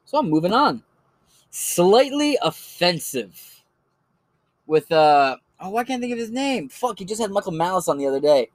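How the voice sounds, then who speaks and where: Sitting high and sing-song, this man's voice races along with hardly any pauses and no echo. He's a channel host rambling casually and profanely through recommended online creators, relaxed throughout his solo commentary.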